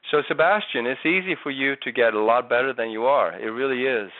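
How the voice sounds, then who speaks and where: A man's voice: medium pitch, brisk, no echo. A man giving a singing lesson, patiently explaining vocal technique with frequent restarts. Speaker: singing teacher. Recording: tinny phone-like audio.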